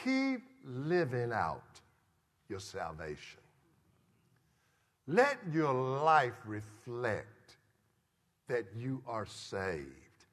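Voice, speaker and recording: A man preaching a sermon, emphatic, moving between shouted lines and quiet asides. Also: medium pitch, huge pitch swings, very slow, pauses often, big-room sound.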